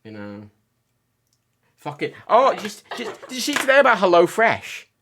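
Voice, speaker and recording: A man's voice: sits high, wildly swooping pitch, normal speed, a bit bright, a little hiss or hum. A man chatting casually on a livestream while repairing a controller, joking, swearing and laughing often. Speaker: streamer.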